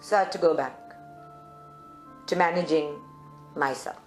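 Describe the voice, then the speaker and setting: A woman's voice: on the low side, normal speed, pauses often. Spiritual group leader, woman from South Africa, reflective live talk, roomy sound, faint music bed. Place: meditation centre room.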